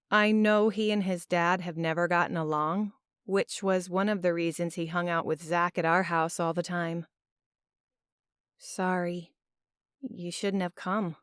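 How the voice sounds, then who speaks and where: A woman narrating a first-person audiobook in an expressive, emotional storytelling manner. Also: lowish voice, smooth, dry recording. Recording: dry, close studio sound.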